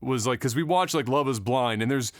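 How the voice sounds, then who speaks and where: A man's voice: mid-range voice, fairly quick, dry recording, studio quality. A man co-hosting a podcast, chatting in a loose, rambling way and laughing easily. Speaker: podcast co-host. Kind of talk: casual podcast chat.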